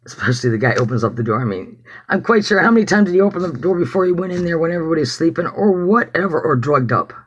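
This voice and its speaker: Man, husky, higher pitch, animated delivery, rambling, swears a lot, casual testimony. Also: quick pace, muffled recording. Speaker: activist giving testimony. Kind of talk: casual personal storytelling.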